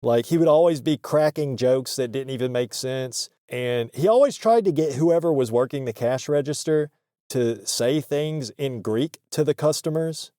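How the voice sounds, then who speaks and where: A man's voice: mid-range voice, dark tone, no room sound, clean studio sound. A man telling a work story in a casual, profane and joking way, laughing between lines.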